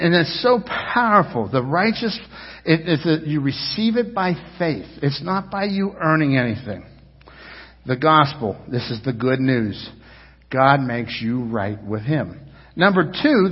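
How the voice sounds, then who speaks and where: Husky man preaching in a reverberant hall. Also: fairly high pitch. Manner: emphatic preaching with repeated words and calls to the congregation. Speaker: pastor. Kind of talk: sermon. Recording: dull lo-fi recording in a reverberant hall.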